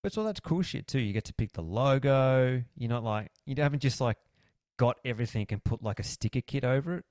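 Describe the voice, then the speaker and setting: A man's voice: medium pitch, lively intonation, a little fast, darkish tone, dry recording, clean studio sound. An Australian man co-hosting a podcast in casual chat, rambling and jokey, laughing often. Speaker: podcast co-host.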